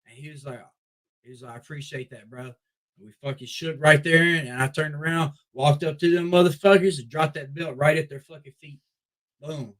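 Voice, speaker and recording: A young man, a wrestler, telling a long story in a casual, profane, animated way with many restarts. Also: fairly high pitch, normal speed, low-quality recording. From Memphis Mid-South area. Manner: profane, animated, repeats "I was like". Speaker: wrestler guest.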